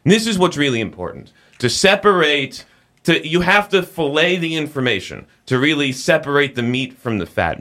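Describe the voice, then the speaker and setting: Male podcast host, opinionated, animated delivery. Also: on the high side. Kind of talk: casual tech talk show chat.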